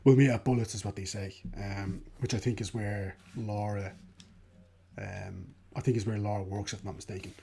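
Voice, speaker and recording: Mellow-voiced man recapping a film. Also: fairly low pitch, little pitch movement, moderate pace, gravelly, a little hiss or hum. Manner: rambling retelling with many "kind of" fillers. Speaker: film podcast co-host. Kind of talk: casual chat recapping a film plot.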